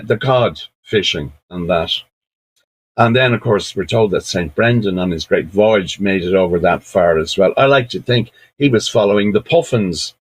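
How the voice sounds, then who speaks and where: An Irish man spins folk tales in a low, settled voice. He is unhurried and reflective. He keeps turning to the listener with small friendly asides. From Ireland. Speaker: storyteller. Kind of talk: storytelling talk at an online session.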